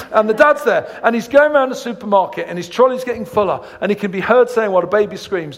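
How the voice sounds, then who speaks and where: A man's voice: high voice, quick pace, few pauses, in a large hall. A man giving a sermon as a guest preacher, telling funny stories between points of scripture. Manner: jokey, storytelling, animated asides. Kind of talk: sermon with humorous anecdotes.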